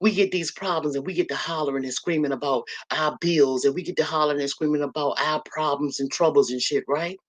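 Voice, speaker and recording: A woman's voice: deep voice, fairly quick, few pauses. A woman talks to her viewers from her room at home. Her talk is blunt and earthy. She tells stories in a loose, casual flow, with lots of asides to her audience. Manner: blunt, earthy, storytelling with lots of "you know" and "y'all". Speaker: livestream host.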